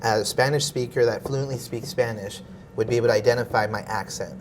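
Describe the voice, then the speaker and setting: Man guest, mid pitch, laid-back slangy storyteller, faint ambience. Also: steady tone, a little fast, slight background noise. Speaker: podcast guest. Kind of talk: casual chat.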